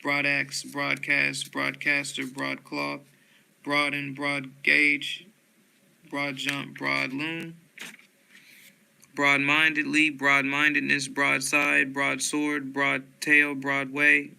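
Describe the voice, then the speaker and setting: Man, steady dictionary reader; bright, crisp and gravelly voice, slow monotone delivery. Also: medium pitch, rough recording. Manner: slow, flat word-by-word reading with occasional stumbles and fillers. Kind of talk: reading dictionary entries aloud.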